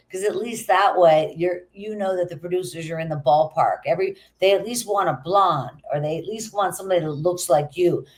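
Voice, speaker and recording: A middle-aged actress, a woman, chatting casually as a guest and laughing easily. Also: on the low side. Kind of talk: casual interview chat.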